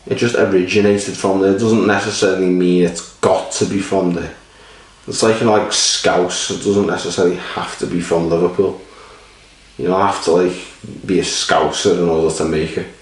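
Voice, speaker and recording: Rambling man with a deep voice in an echoey room. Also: steady tone, normal speed. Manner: rambling, swears casually. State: sleepy. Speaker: beer reviewer. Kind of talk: casual rambling review. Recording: roomy echo, mic at a distance.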